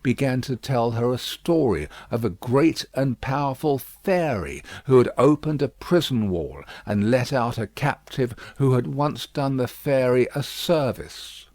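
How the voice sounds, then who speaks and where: A man narrating a classic novel as an audiobook, measured and expressive. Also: mid-range voice, no echo. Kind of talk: scripted narration.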